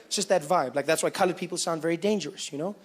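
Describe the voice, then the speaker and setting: A man's voice: fairly high pitch, rapid-fire, husky. A man with a South African accent doing stand-up comedy in a casual, conversational way. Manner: conversational, filler-heavy.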